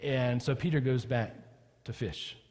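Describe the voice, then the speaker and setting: A male pastor preaching a sermon as lively storytelling, acting out the people he quotes. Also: medium pitch, a little slow, big-room sound.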